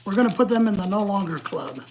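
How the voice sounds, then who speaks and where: A middle-aged woman from the United States hosting a casual livestream, ranting in an excitable, blunt and profane way. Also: medium pitch, fast, a little hiss or hum. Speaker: livestream host.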